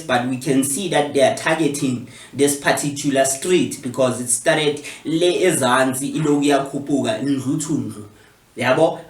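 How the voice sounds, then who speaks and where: A South African man giving an unscripted, rhetorical opinion monologue as a vlogger, animated and pointed. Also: reverberant, far from the mic. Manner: animated, rhetorical, jumps to high mock-quote voices. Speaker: commentary vlogger.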